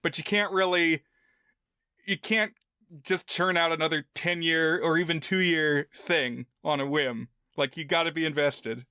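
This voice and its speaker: A man's voice: fairly high pitch, steady tone, measured pace, sharp tone, smooth, no room sound, clean studio sound. A man co-hosting a film podcast, talking casually and thinking aloud with lots of fillers. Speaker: podcast co-host.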